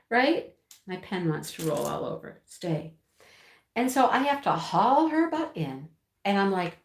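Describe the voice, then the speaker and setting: A woman hosting a home livestream, chatting casually and telling a rambling, animated story with frequent laughs while she crafts. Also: mid-range voice, measured pace. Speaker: livestream host. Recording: roomy echo.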